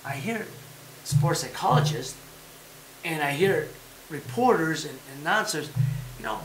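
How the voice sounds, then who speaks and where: A man hosting a casual chat show, talking in an animated, emphatic way and repeating his points. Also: fairly high pitch, measured pace, roomy sound, slight background noise, rough recording. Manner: talks about having been a fighter. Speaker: podcast host.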